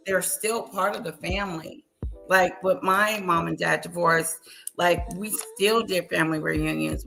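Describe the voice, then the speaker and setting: Casting: woman co-host, gravelly low voice, affirming casual chat. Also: pushed and bright, rough recording. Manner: affirming, chiming in. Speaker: podcast co-host.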